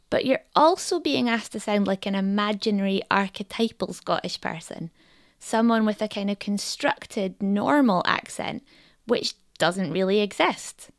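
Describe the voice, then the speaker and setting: A woman's voice: medium pitch, dry recording. A woman hosting a podcast, narrating a script in a wry, reflective way. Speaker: podcast host.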